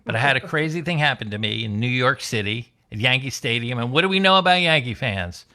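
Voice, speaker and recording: Bright-voiced man doing a deadpan stand-up set. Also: mid-range voice, brisk. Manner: wry, deadpan storytelling with sung bits. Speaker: stand-up comedian. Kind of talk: stand-up set over video call. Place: alone in his own room.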